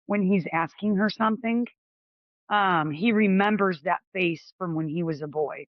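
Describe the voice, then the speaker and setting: A co-host chimes in with measured, slightly hesitant remarks at a middle pitch. The recording is dry and a little dull, as if from a plain mic with muted highs. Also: no room sound. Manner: thoughtful, hesitant with ums. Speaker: podcast co-host. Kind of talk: casual conversation.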